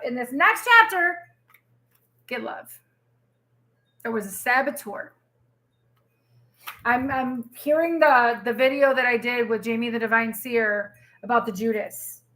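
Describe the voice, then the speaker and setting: A woman giving a tarot reading on a casual livestream, her voice high and bright. She talks in an animated, exclamatory way and swears freely. She sounds like she is speaking from home. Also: unhurried, pauses often. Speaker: tarot reader.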